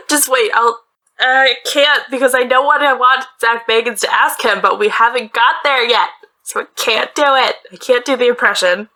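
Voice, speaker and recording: A woman's voice: on the high side, moderate pace, sharp tone. A woman hosting a podcast, telling a true-crime case in casual, chatty talk with laughing asides. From northeastern United States. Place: small closet-like bedroom.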